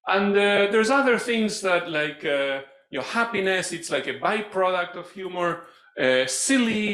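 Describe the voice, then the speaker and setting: Lively man running a workshop, echoey room. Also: fairly high pitch. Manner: animated, playful, instructive. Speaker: workshop facilitator. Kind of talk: live conference workshop. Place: conference room.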